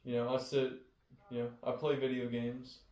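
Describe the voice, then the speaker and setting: Brief: easygoing young male co-host, soft-spoken, caught off-mic in a roomy garage. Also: medium pitch, monotone, moderate pace. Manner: quiet, laid-back, trails off with fillers. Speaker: podcast co-host. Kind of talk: casual chat. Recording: echoey garage, mic at a distance.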